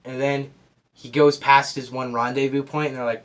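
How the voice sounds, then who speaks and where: A man's voice: mid-range voice, normal speed, a bit bright. A man casually recapping a movie plot for a review, rambling and filling his sentences with "like" and "kinda". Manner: rambling, heavy use of "like" and "kinda".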